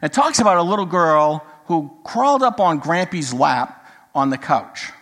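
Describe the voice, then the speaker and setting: An older pastor and grandfather with a fairly high voice preaches at a moderate pace in a church sanctuary. He tells humorous stories, then moves into Bible teaching, quoting with animation, and the hall's reverb rings long.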